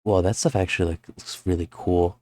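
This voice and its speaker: A young man with a New Jersey accent rambles through live-stream gameplay commentary in a deep, low voice. He thinks aloud, circling back with ums and likes. The sound is dry, with no room echo. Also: steady tone, fairly quick, dark tone.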